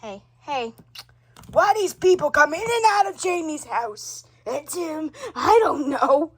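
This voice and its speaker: Woman, high voice, animated pitch, switches character voices, homemade family role-play. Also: slow pace. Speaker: storyteller voicing all characters.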